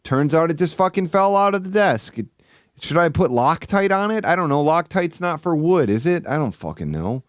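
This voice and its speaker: A man hosting a live stream, ranting with heavy swearing and swinging between loud outbursts and low mutters. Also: sing-song, moderate pace, dry recording, clean studio sound. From Michigan. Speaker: livestream host. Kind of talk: casual stream commentary.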